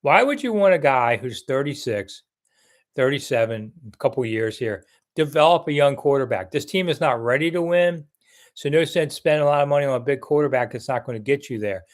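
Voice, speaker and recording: A man's voice: mid-range voice, lively intonation, a little fast. An older man hosting a casual live sports chat, blunt and chatty as he reads viewer comments and answers them.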